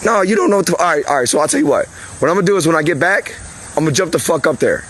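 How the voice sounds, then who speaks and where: Blunt, swearing roofer outdoors. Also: male voice, fairly high pitch, lively intonation, racing, a bit bright, slightly rough, poor audio. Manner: blunt, heated, swears a lot. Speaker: roofing contractor. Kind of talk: casual outdoor vlog rant. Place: outdoors on and near a house roof.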